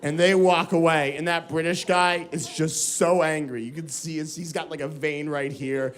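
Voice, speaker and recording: A man's voice: on the high side, fairly even intonation, normal speed. An American man performing stand-up comedy, telling a story and acting out the voices of the people in it. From United States. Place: comedy club stage with live audience. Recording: live stage recording, loud crowd laughter.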